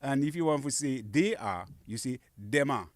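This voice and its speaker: In a radio studio, a male guest gives a casual lesson in Kokoy dialect, patiently repeating each phrase. His mid-range voice is animated and moves at normal speed, with no echo.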